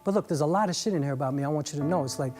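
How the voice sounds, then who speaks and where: A man's voice: on the high side, rapid-fire, darkish tone, pitched below the performer's own voice, close to an everyday voice. Man as shy apologetic young poet, hesitant mutter over music.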